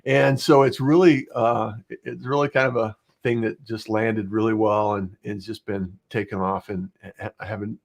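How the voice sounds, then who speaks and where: A man's voice: fairly low pitch, steady tone, moderate pace, gravelly, hardly any pauses. A middle-aged man hosting a podcast, chatting casually and rambling with frequent fillers. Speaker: podcast host. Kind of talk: casual interview chat.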